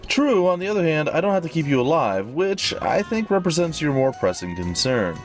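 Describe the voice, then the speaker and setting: A man's voice: on the high side, big pitch swings, fairly quick, soft background music, pitched above the performer's own voice. A man voicing a young female sword-fighting heroine who talks in a dry, sardonic way.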